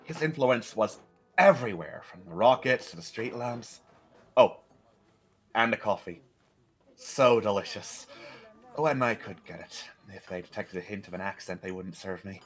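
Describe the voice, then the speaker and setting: A man's voice: fairly low pitch, animated, normal speed, close to an everyday voice. An actor playing an anxious Englishman, a stage performer living in France, who talks in a hesitant, rambling way. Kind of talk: character role-play.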